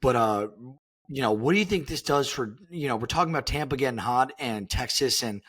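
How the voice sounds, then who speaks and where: A man's voice: medium pitch, expressive, brisk, fairly bright tone, slightly rough. A man co-hosting a podcast, chatting casually and rambling with many fillers and restarts. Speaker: podcast co-host. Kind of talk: casual sports chat.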